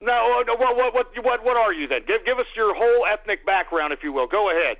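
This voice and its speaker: Radio host guy, loud and crude, highish gravelly voice, tinny phone sound. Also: lively intonation, fast talker. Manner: boisterous, crude, bursts into shouts and whoops. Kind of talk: crude call-in radio talk.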